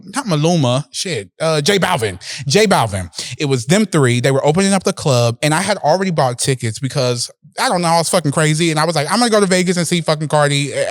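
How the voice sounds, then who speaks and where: A fairly high-voiced man hosting a podcast, who tells a personal story in loose, excited bursts. He swears freely and breaks into laughter. The recording is dry and close, with no room sound. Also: dry recording. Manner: animated, profane, laughs often. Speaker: podcast host. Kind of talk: casual storytelling.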